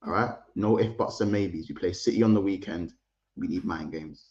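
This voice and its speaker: A man putting on the voice of a stern male football manager who barks sweary orders, low and gruff, on lo-fi audio. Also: moderate pace, a little mellow, close to an everyday voice. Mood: bossy.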